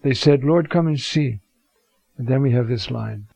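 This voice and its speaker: A man teaching a Bible talk, reflective and unhurried, reading scripture passages aloud with emphasis. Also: medium pitch, animated, gravelly, warm tone, husky, dry recording. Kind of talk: scripture lecture. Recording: dull lo-fi sound.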